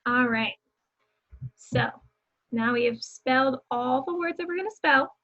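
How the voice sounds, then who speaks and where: A young woman teaching phonics to small children sounds out words and letters slowly and encourages them to repeat after her. Her voice sits high and a bit bright, and the sound quality is lo-fi.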